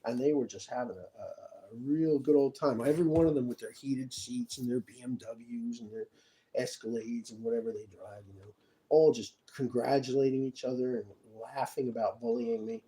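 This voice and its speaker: Mellow-voiced man rambling to camera. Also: medium pitch, moderate pace, poor audio. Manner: meandering, talks to the viewer with many asides. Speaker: vlogger. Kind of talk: rambling personal monologue to camera.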